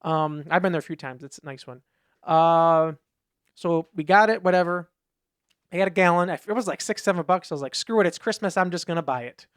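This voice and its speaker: A man's voice: a little high, brisk, a bit bright, clean tone, no room sound, studio quality. A man co-hosting a podcast in casual chat, rambling through anecdotes and acting out what people said in raised voices. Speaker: podcast co-host.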